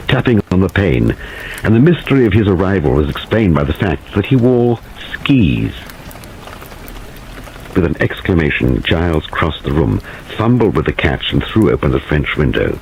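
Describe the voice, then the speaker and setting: Deep, expressive male narrator, animated delivery. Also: slight background noise, poor audio. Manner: expressive, dramatic reading. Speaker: audiobook narrator. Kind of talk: audiobook narration.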